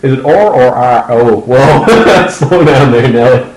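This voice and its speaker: A man's voice: mid-range voice, animated, slow pace, reverberant, a crowd in the background, poor audio. A man co-hosting a podcast in casual chat, joking and exaggerating, laughing often. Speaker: podcast co-host.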